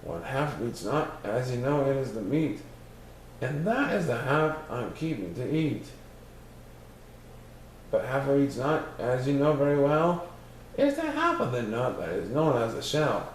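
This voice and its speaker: A man voicing a tiny, bossy male bug who snaps orders in a high squeaky voice. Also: very animated, measured pace, slight background noise. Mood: gloating. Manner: bossy, snapping. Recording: very echoey room.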